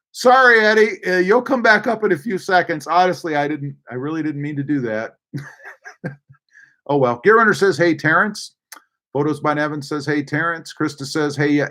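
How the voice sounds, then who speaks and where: A man runs a casual live stream and reads viewer comments aloud. His voice sits a little high, and he talks with lots of "uh" and "let's see" fillers between the messages. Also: a bit bright. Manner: reads chat aloud with many fillers and hesitations. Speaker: livestream host.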